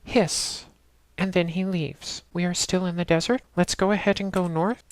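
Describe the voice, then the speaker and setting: A woman narrating a game walkthrough in a steady, instructional way, talking the player through each step. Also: on the low side, moderate pace. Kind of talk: casual let's-play walkthrough narration.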